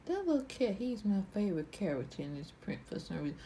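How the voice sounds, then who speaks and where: A woman hosting a quilting vlog, casually showing her fabric pieces in a slow, rambling way and often repeating herself. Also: medium pitch, big pitch swings, dark tone, a little hiss or hum, rough recording. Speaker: quilting channel host. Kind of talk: casual show-and-tell vlog.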